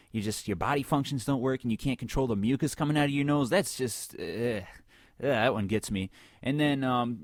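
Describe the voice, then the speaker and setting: A man's voice: mid-range voice, dry recording, clean studio sound. Rambling, joking young-sounding male gamer. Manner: rambling, joking, crude asides. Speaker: gaming video host. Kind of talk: casual comedic commentary over gameplay.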